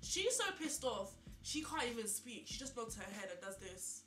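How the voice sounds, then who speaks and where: Young woman vlogger, higher bright voice, chatty storyteller, echoey room with faint music. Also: normal speed. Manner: animated, incredulous, lots of "like" and repeated questions. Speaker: beauty vlogger. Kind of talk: chatty get-ready-with-me storytelling.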